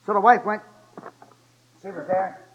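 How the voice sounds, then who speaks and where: A man in his seventies preaching a sermon in a folksy, joking way, telling stories and building up to loud exhortation. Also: sits high, fairly even intonation, unhurried, highs cut off, noisy background. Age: 70s.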